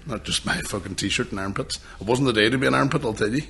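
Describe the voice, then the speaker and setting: A man's voice: medium pitch, quick pace, vocal fry, a bit bright, slightly rough. A man co-hosting a podcast, telling sweary stories in casual chat with bursts of laughter. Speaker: podcast co-host.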